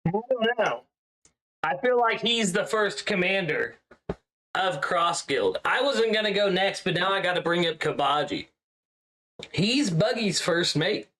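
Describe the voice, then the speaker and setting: A man's voice: high voice, expressive, unhurried, bright, forceful tone, poor audio. A man hosting a casual podcast stream, introducing his co-hosts with upbeat announcer-style flair and frequent laughs. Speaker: host and captain of a podcast. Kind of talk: casual chat.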